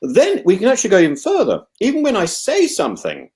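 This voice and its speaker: An English man hosts a casual chat, thinking aloud in long discursive turns. He stumbles over repeated words and restarts his sentences often. His pitch swings widely as he talks. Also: huge pitch swings, quick pace, darkish tone. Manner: rambling, with many restarts and stammered repeats; musing and discursive. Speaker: host.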